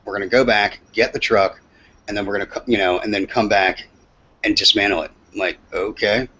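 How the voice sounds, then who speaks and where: Podcast host, male, husky voice, loose profane storyteller, dull lo-fi sound. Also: lowish voice, steady tone, a little fast, bright, forceful tone. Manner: profane, rambling, laid-back storyteller. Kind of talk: casual storytelling chat. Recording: dull lo-fi audio.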